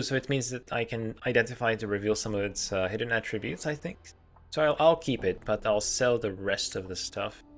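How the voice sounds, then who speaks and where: A man casually commentating on a role-playing game as he plays, musing aloud with many hesitations. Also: medium pitch. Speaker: let's play host.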